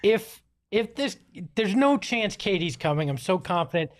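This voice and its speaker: A man's voice: high-pitched, sing-song, normal speed. A man co-hosting a sports podcast, bantering in a playful, teasing way. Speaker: podcast co-host.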